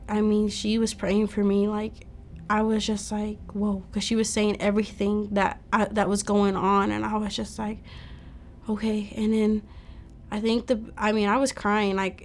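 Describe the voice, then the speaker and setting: A woman's voice: mid-range voice, darkish tone, slight background noise. Young woman telling her story. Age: young adult. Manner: casual storytelling, quotes herself, fillers like "like". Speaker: testimony speaker. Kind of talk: personal testimony.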